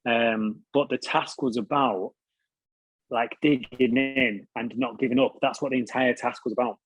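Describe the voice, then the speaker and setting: British male guest, husky, blunt, swears freely, self-mocking. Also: medium pitch, steady tone, moderate pace, dry recording, poor audio. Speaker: interview guest. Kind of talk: casual storytelling.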